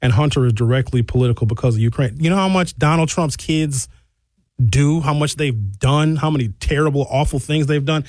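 A man's voice: fairly high pitch, fairly quick, darkish tone, no room sound. A man hosting a radio talk show, reading listener texts aloud and answering them in a frank, conversational way from the studio. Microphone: studio microphone.

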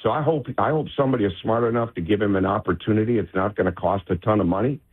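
A man's voice: on the low side, racing, slightly rough. A man, a basketball coach, calling in to a sports radio show and speaking emphatically. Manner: emphatic, insistent. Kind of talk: phone interview on sports radio. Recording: tinny phone line.

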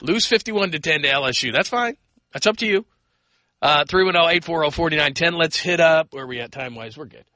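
Bright, high-pitched American sports radio host. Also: male voice, fairly quick, dry recording. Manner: energetic, rambling, acts out quoted voices. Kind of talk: call-in sports talk.

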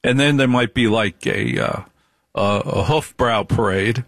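A man holds forth in an emphatic storytelling monologue, hammering points home with repetition and rhetorical questions. His voice sits at an ordinary middle pitch. The recording is dry and close, with no room sound. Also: measured pace, vocal fry, a bit bright, no room sound. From United States. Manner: emphatic, repeats phrases for effect, rhetorical questions. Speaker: speaker telling personal stories.

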